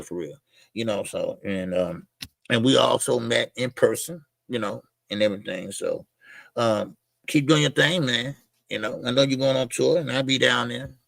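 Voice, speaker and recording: A man's voice: fairly high pitch, creaky, fairly bright tone, no echo. A man hosting a boxing channel, talking loosely to his viewers, rambling and laughing between asides. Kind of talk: casual livestream commentary.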